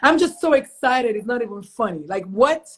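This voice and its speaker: A woman's voice: on the high side, expressive, moderate pace, slightly rough. A woman hosting an online interview show, speaking in an effusive, gushing and emphatic way over a video call. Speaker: talk show host.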